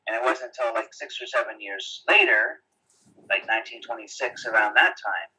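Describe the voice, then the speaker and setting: A man speaks as a guest over a video call, his voice very bright and edgy with a husky rasp. He talks casually and hesitantly, pausing on fillers and restarting his sentences as he works through his thoughts. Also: medium pitch, low-quality recording. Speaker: interview guest. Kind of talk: casual explanatory conversation.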